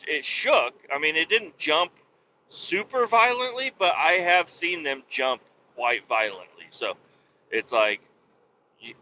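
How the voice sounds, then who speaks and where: Speaking at a medium pitch with a sharp edge, a man hosts a casual podcast and tells a rambling, profane, exasperated story. He works as a vac truck operator as well as hosting the show. The recording is dull and lo-fi, with faint noise underneath.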